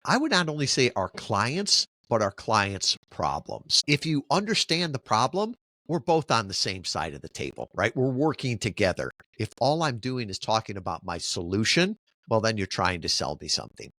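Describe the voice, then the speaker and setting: Animated man giving interview answers. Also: lowish voice, moderate pace, no echo, studio quality. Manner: animated storyteller who keeps asking "right?". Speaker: podcast guest, marketing company founder.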